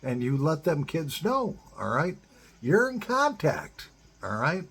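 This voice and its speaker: A man's voice: a little high, huge pitch swings, takes it slowly, a bit bright, husky. A middle-aged man giving blunt, profane advice straight to other men in a casual monologue. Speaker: advice-giver to divorced fathers.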